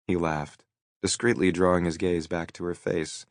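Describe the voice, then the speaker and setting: A man narrating a romance audiobook in a soft, measured, intimate way. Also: deep voice, flat delivery, no echo, clean studio sound. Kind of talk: scripted narration.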